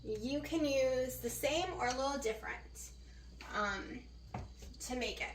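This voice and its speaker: A woman's voice: sits high, a little slow, slight background noise. A woman chatting casually as she cooks in her home kitchen, rambling with plenty of fillers. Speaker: vlogger. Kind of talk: casual kitchen vlog chat.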